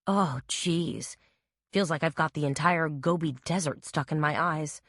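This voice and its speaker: A brash New Orleans woman with a lazy drawl and a low, dry voice, as a woman reads her in a mystery audiobook. Her accent is New Orleans, her talk unhurried and bold. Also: no echo. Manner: quiet drawl. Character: sleepy, brash Southern woman, shop owner.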